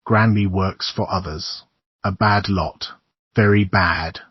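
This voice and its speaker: A man voicing a shabby older male neighbor who gives grim, conspiratorial warnings in a low husky voice. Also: fairly even intonation, slow pace, dry recording, heavily acted. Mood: ominous. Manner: conspiratorial warnings, keeps calling the listener son. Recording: dull lo-fi dry recording.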